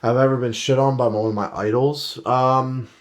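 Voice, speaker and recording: A man's voice: mid-range voice, fairly even intonation, normal speed. A young man co-hosting a casual podcast, delivering a swearing, mock-indignant comic rant. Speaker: podcast co-host, strongman competitor.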